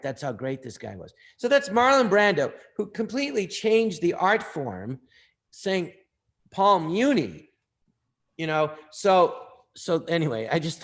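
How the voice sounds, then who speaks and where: A man with a fairly high-pitched voice tells show-business stories in a relaxed, conversational way. He is animated and keeps dropping into quick impressions of the people in his stories. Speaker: actor and comedian guest. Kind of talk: casual anecdotal storytelling.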